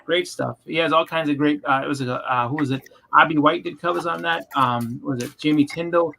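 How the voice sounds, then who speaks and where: A man talks loosely on a comics stream, piling up fillers and restarts as he goes. His voice is bright and forward. A faint hiss sits behind him. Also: a little high, a little fast, gravelly, low-quality recording. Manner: rambling, with many fillers and restarts. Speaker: co-host. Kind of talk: casual chat on a comics stream.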